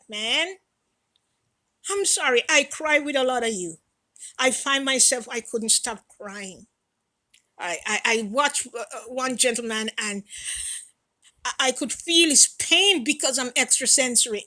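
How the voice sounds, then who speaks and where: A woman in her sixties speaking straight to her community, emphatic and profane, repeating her phrases and swinging between soft and loud. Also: high voice, unhurried, pauses often, rough recording. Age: 60s. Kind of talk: impassioned direct-to-camera talk.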